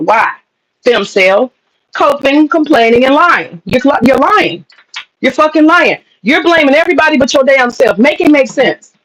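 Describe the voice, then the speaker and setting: High-voiced, blunt, profane woman host. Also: low-quality recording. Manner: blunt, profane, rhetorical questions. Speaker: commentary channel host. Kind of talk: ranting opinion commentary.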